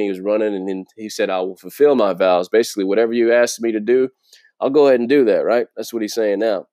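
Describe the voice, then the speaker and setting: A man with a low voice walks through a scripture passage like he's chatting with friends. He reads the verses, then breaks them down with easy asides and small laughs. The sound is dry and close, with no room around it. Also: warm tone, no echo. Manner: conversational, laughs often, asks "right?". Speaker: preacher. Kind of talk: casual Bible teaching.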